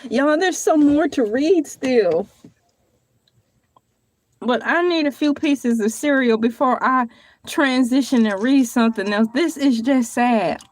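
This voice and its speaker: A woman's voice: sits high, slow, pauses often. A woman vlogging on her own, reading aloud and joking with viewers in a playful, theatrical way, laughing often. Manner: colloquial, addresses viewers as y'all. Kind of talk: casual solo vlog, reading aloud and joking.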